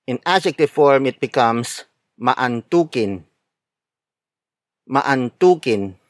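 A man narrating a scripted language lesson, speaking slowly and carefully, repeating words and spelling them out letter by letter. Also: mid-range voice, expressive, no echo, clean studio sound. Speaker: language teacher.

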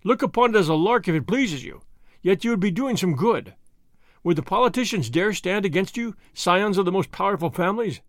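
A bold masked highwayman, voiced by a man reading a storybook lectures with lofty scorn. The voice sits high and swings widely in pitch. The sound is dry and close. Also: expressive, brisk, dry recording. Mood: scornful.

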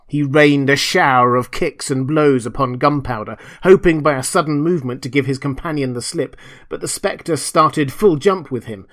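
Male storyteller reading a gothic classic, theatrical and hushed in places, average pitch. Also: normal speed. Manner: theatrical, dropping to hushed tones at tense moments.

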